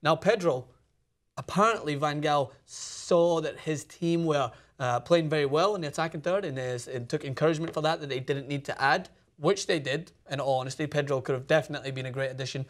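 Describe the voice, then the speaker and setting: A man co-hosting a sports show, giving opinionated football analysis in casual chat with fillers. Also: on the high side. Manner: opinionated, quick, thinks aloud with fillers.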